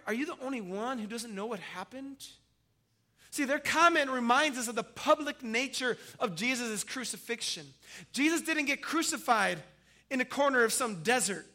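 A preacher with a very high male voice tells a scripture story vividly during his sermon, moving between booming emphasis and hushed whispers.

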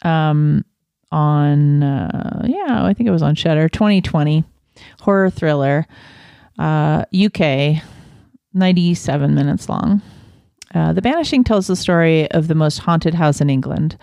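A woman co-hosting a casual movie review chat, relaxed and conversational with frequent fillers. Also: sits low, measured pace, gravelly, dry recording.

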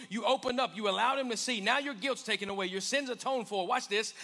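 A male pastor with a very high, gravelly voice preaching a sermon in a church. His tone is bright and forceful, rising into emphatic swells and falling to quiet asides, with faint music underneath. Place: church sanctuary.

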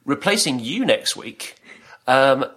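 A man's voice: medium pitch, lively intonation, slow pace, fairly bright tone. A middle-aged man from Britain, co-hosting a podcast and telling stories in casual chat, laughing often. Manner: chatty storyteller, laughs often. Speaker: podcast co-host.

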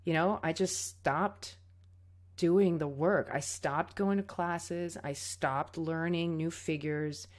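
Brief: woman tango teacher, slow and lowish voice, candid and reflective storytelling. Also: steady tone. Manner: reflective, candid, many fillers and restarts. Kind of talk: personal storytelling monologue.

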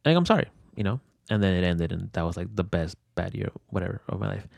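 A man's voice: low-pitched, lively intonation, quick pace, vocal fry, no room sound. A young man telling a personal story in an interview. He rambles, leans on fillers and swears freely. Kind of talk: candid conversational storytelling.

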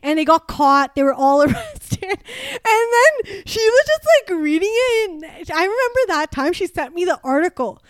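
Young woman, high voice, dry close sound, chatty storyteller who swears and laughs. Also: big pitch swings, moderate pace, few pauses, no echo. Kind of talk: casual chat.

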